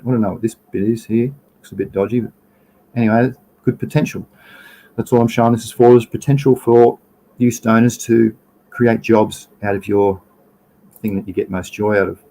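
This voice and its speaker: A low-ish, dark-toned male voice in a rough recording. He's an Australian livestream host rambling casually through slides, trailing off, restarting and greeting viewers in the chat.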